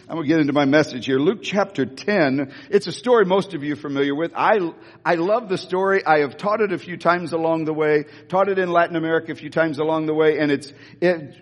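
High-voiced preacher in a reverberant hall. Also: male voice, a little fast. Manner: animated storytelling with many restarts. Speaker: pastor. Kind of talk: sermon.

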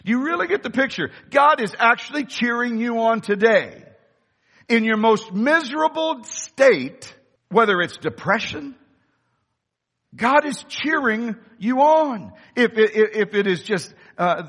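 A fiery male pastor preaching with an impassioned, swooping delivery that climbs into shouts. His voice sits high and bright with a husky edge. The sound carries the long reverb of a large hall. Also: expressive, measured pace. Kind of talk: sermon.

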